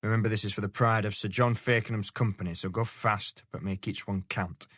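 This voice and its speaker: A man voicing a gruff male archer sergeant who mutters and barks orders in a storybook reading. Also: on the low side, fairly even intonation, fairly quick, a bit bright, no echo, studio quality. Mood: coaxing.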